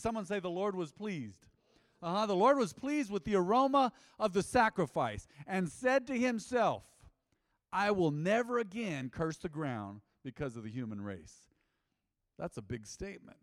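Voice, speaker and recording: A man's voice: fairly high pitch, lively intonation, moderate pace, no room sound, clean studio sound, big-room sound. A man preaching a sermon as pastor, emphatic and repeating phrases, calling on the congregation to answer back.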